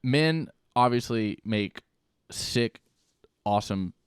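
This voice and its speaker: A man co-hosting a podcast, rambling in deadpan ironic banter and laughing often. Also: mid-range voice, slow, clear, resonant tone, dry recording, clean studio sound. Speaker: podcast co-host.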